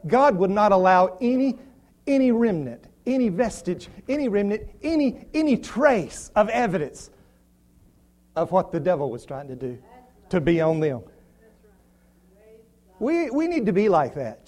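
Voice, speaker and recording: A man's voice: sits high, darkish tone. A man preaching a sermon, repeating phrases and building to emphatic declarations. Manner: repetitive, rising to emphatic declarations.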